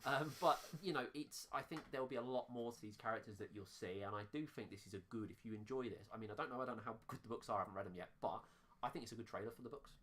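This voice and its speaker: A man rattles off his views at a brisk clip in a casual film review chat. His opinions tumble out quickly over a faint background hiss. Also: medium pitch, a bit bright. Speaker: podcast co-host.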